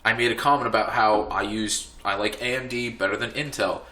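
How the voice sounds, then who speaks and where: A man's voice: lowish voice, steady tone, brisk, pushed and bright. A man from the United States hosting a casual podcast chat, rambling with lots of fillers and restarts. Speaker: podcast host. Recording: echoey room.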